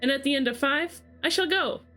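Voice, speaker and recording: A woman reading aloud and voicing a brisk, bossy, commanding queen in a storybook reading. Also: high voice, bright, forceful tone, soft background music, voice pushed up. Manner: brisk, commanding, matter-of-fact.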